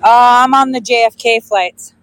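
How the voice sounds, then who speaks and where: A woman's voice: a little high, normal speed, fairly bright tone, a faint crowd, poor audio. A woman telling a story in a casual vlog, chatty and sarcastic, often laughing. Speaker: vlogger.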